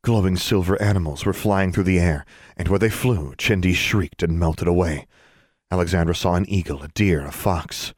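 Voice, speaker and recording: A man reading a novel aloud as narrator, in a steady, measured storytelling manner. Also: low-pitched, no room sound, studio quality. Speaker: audiobook narrator. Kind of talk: scripted narration.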